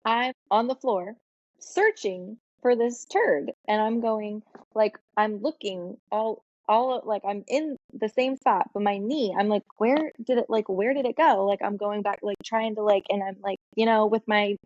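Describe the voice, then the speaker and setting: A woman co-hosting a podcast, telling a long casual story full of "like" and "um" and quick laughs. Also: mid-range voice, a little mellow, no echo, lo-fi sound. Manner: chatty storytelling with frequent fillers and laughs. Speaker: podcast co-host. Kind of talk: casual chat.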